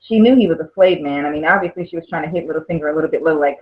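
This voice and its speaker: A woman joining a casual live-stream chat as a guest over a video call, halting with fillers. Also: deep voice. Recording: tinny call audio.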